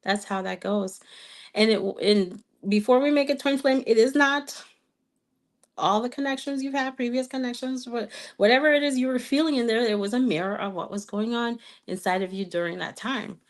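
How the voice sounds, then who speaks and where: A woman with a slight accent and a fairly high voice coaches earnestly at a normal pace. As a twin flame coach answering viewer comments in a live stream Q&A, she often checks in with "okay?" and repeats key phrases for emphasis.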